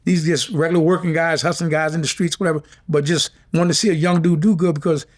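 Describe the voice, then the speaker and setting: A man's voice: a little high, steady tone, fast talker. A middle-aged man, talking casually and from the heart as an interview guest, often repeating himself. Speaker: former boxing champion, guest.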